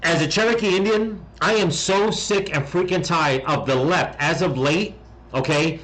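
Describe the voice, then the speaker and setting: On a political commentary channel, a man rambles bluntly and heatedly, swearing often, restarting sentences and tacking on "okay?". His voice is on the high side and a bit bright at normal speed, though the audio is poor.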